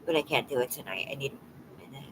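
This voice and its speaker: A woman live streaming and chatting casually with her viewers, teary and emotional, talking in a halting, soft way that often trails off into a whisper. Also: very deep voice, lively intonation, noisy background.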